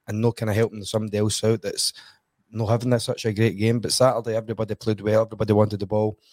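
A man's voice: fairly low pitch, little pitch movement, quick pace, darkish tone, dry recording. A Scottish man giving blunt football opinions in casual podcast chat. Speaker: football pundit.

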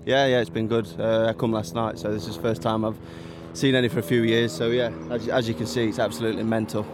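A man answering a few quick questions in a laid-back way, outdoors at a race. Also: fairly low pitch, flat delivery, very noisy. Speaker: interviewee at a race. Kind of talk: casual chat. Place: outdoors beside a road race.

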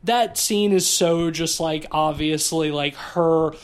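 Animated, higher-voiced man rambling. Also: takes it slowly, clear, resonant tone. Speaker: podcast co-host. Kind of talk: casual film discussion.

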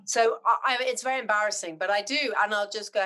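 A middle-aged woman from Zimbabwe, chatting as a podcast guest and telling animated, heartfelt stories. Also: medium pitch, quick pace. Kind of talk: casual chat.

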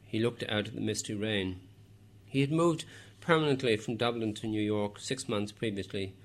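A man narrates a novel in a measured, even storytelling voice. His pitch sits on the low side, and he drops in the odd wry aside to the listener. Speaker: audiobook narrator. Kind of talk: scripted narration.

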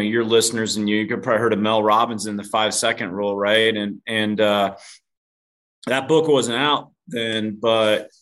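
Speaking in a lowish, fairly bright voice, this man shares a personal story openly as a podcast guest. He's self-deprecating, swears casually, and addresses the host as "dude."

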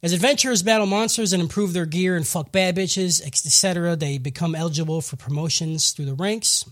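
A man's voice: fairly high pitch, fairly quick. Profane, joking male anime podcast host. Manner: profane, joking, animated storyteller. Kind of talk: casual anime recap.

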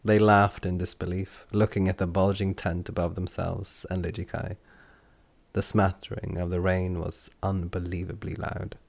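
A man reading a fantasy novel aloud in measured, scripted narration. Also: low-pitched, little pitch movement, gravelly, dry recording. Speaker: audiobook narrator.

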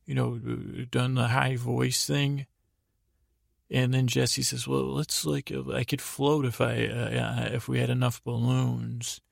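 A man's voice: mid-range voice, creaky, dry recording, clean studio sound. A man hosting a sleep podcast, recapping a show in a meandering, trailing way. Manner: meandering, trailing off, paraphrasing scenes in a flat tone. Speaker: podcast host.

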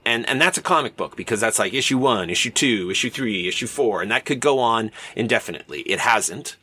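Chatty man giving a bright lecture. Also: medium pitch, lively intonation, brisk, husky. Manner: chatty, digressive, with frequent fillers and asides. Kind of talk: casual lecture.

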